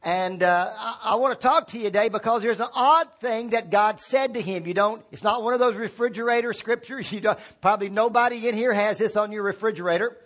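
A man's voice: high voice, fairly quick, hardly any pauses, a bit bright. A man preaching a sermon as pastor, talking informally and asking the congregation to repeat words after him. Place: church sanctuary.

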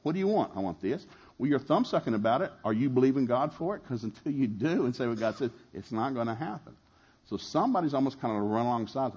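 Husky-voiced preaching pastor, man. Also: medium pitch, quick pace, dull audio. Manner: animated preaching, acting out quoted voices. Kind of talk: sermon.

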